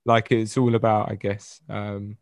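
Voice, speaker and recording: A man's voice: on the low side, level tone, a little slow, darkish tone, no echo. A man chatting casually about films with friends on a podcast, laid-back and swearing freely. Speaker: podcast co-host. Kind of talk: casual film chat.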